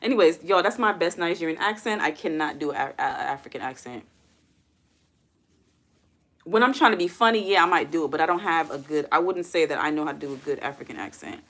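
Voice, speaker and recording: With a deep, somewhat bright voice and a brisk pace, this young adult woman hosts a relaxed livestream where she chats with viewers, calls them y'all and asks her chat questions.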